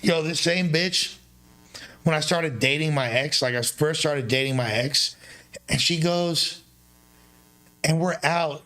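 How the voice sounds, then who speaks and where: A man's voice: a little high, takes it slowly, long pauses, bright, forceful tone. A young man hosting a livestream, telling a story in a rambling, profane way full of loose slang. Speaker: streamer.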